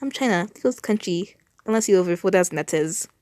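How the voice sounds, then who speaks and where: A woman's voice: lowish voice, lively intonation, fast, darkish tone, no echo, studio quality, lightly acted. A woman voicing a cheeky, smug personified ancient nation while reading fanfiction aloud, in a teasing, snickering manner. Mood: mocking.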